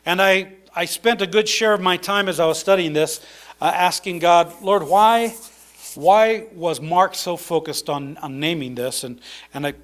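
A man's voice: high voice, fairly bright tone. A man preaching a sermon in a conversational way, with many fillers and restarts.

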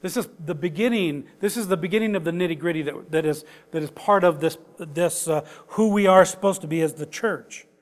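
A man's voice: on the high side, fairly quick, few pauses. An older man preaching a conversational sermon as pastor, folksy and chuckling, building to emphatic points. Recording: reverberant hall.

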